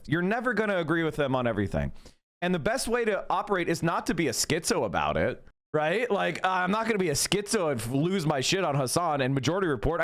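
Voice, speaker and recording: A man's voice: high voice, fairly bright tone. A man streaming political talk to his chat, arguing in a blunt, profane and mocking way. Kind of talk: live-stream rant to chat.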